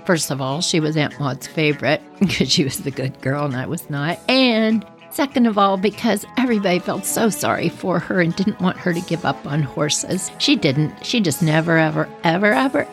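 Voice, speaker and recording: A woman hosting a storytelling podcast, narrating animatedly and acting out the characters' voices. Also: on the low side. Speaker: storyteller and host. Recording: music playing underneath.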